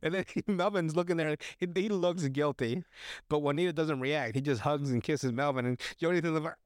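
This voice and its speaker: A man's voice: a little high, a little fast, dry recording, studio quality. A man hosting a podcast, casually recapping a movie in a loose, rambling way, swearing and laughing often. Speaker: podcast host.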